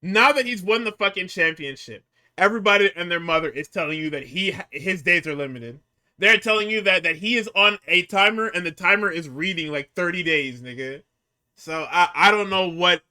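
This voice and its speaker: Co-host, male, high and very bright voice, animated and profane storyteller. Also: normal speed. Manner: animated, profane storytelling, acting out quotes, frequent laughter. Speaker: podcast co-host recapping wrestling. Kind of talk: casual chat.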